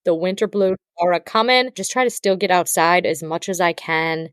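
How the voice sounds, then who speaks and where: A woman's voice: on the low side, moderate pace, no echo, studio quality. A young woman from Wisconsin who farms, co-hosting a podcast in an upbeat, chatty, agreeable way. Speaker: podcast co-host, farmer. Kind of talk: casual podcast chat.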